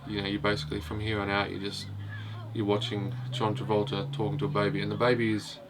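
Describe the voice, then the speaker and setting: A man's voice: lowish voice, completely flat delivery, quick pace, background noise. A man casually reviewing a film, hesitant and rambling, with constant "you know" fillers. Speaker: host of a film review video.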